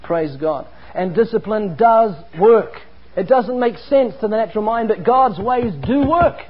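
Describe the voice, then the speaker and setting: A man's voice: high-pitched, a little slow. A man preaching a sermon, earnest and emphatic, mixing scripture with personal stories. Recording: dull lo-fi recording.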